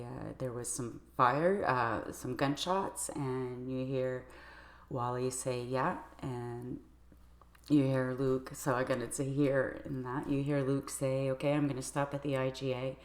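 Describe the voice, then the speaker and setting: A woman giving a personal account to camera in a measured, halting way. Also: a bass voice. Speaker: video creator. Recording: roomy echoey room.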